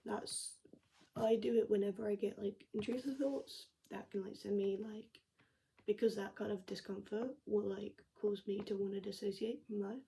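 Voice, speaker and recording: Gravelly English woman, tarot vlogger. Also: mid-range voice, steady tone, moderate pace, mellow, a little hiss or hum, low-quality recording. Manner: chatty and reassuring, full of fillers and 'mate'. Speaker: tarot reader. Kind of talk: casual tarot reading vlog.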